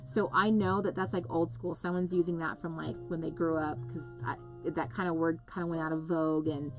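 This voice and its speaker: A woman from the US West Coast talks to her live-stream viewers in a loose, chatty way, gushing and trailing off as she reads their comments. Her voice sits a little low for a woman. Faint music plays underneath. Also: little pitch movement, a little fast. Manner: chatty and rambling, gushing, self-interrupting. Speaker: host of a live craft stream.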